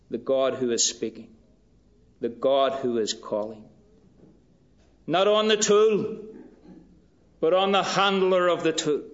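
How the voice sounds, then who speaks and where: Slow, measured male preacher, lo-fi. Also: medium pitch. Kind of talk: sermon. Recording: dull lo-fi recording.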